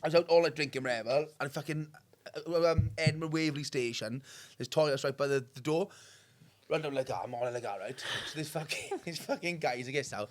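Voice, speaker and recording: A man's voice: a little high, brisk. A Welsh man hosting a casual pub podcast, swearing freely and acting out the people in his stories. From Wales. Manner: swearing storyteller, acts out voices loudly. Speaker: podcast host.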